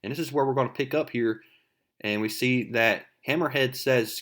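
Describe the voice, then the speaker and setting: A chatty man walks through a comic book page by page, with a mid-range voice and a relaxed, conversational delivery. He reads the characters' lines aloud as he goes. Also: mid-range voice, normal speed. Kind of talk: casual comic book recap.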